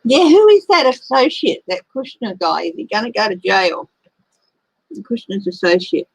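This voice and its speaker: A woman's voice: mid-range voice, expressive, normal speed, vocal fry, slightly rough, poor audio. A woman, hosting a casual tarot livestream and chatting in a rambling way while she thinks aloud. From Australia. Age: 50s.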